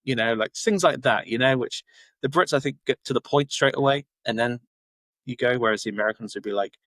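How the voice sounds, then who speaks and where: Chatting loosely on a podcast, a man from Cornwall keeps stopping, restarting and filling gaps in casual interview talk. His medium-pitched voice is brisk and fairly bright, recorded dry.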